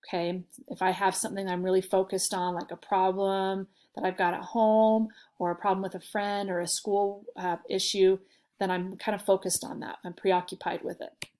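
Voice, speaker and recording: A woman explaining a lesson as a teacher, in patient, clear classroom talk that stresses key sounds. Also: mid-range voice, flat delivery, moderate pace, a little mellow. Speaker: Spanish teacher.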